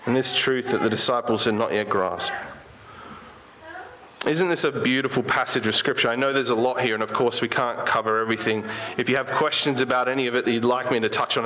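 A man preaching a sermon in a conversational way. He often asks rhetorical questions and slows down and rises when he quotes scripture. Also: medium pitch, fairly even intonation, sharp tone, a little hiss or hum. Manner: slows down and lifts his voice when quoting Jesus.

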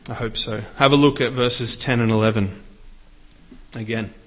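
A man's voice: medium pitch, steady tone, moderate pace, a bit bright. Guy preaching a sermon, earnest, voice goes up on the bible bits. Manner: earnest, rises for scripture readings.

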